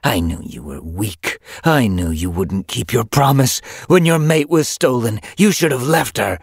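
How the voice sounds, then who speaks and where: A man's voice: mid-range voice, expressive, measured pace, dry recording, studio quality, voice pushed up, full character voice. Mapleshade, a man voicing a sneering old she-cat. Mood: sneering, scolding. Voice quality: sneering, snarling, later croaking. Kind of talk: audiobook character voice.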